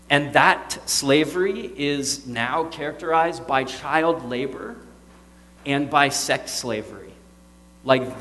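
A man in his thirties preaching a sermon in a casual, joking way, swinging between loud outbursts and quiet, serious stretches. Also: medium pitch, in a large hall, a little hiss or hum. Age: 30s. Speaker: pastor.

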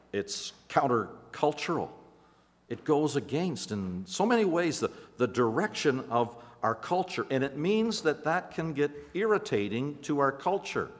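A male pastor preaching a sermon to his congregation in a conversational way, often restarting words and pausing for emphasis. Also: medium pitch, big-room sound. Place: church sanctuary.

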